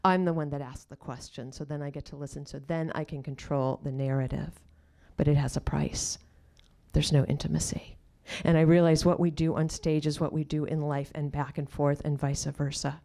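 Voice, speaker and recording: Low-voiced woman telling a personal story. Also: steady tone. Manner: drops to hushed, near-whispered asides; slows right down on quoted questions. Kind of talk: personal storytelling before an audience. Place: live storytelling stage.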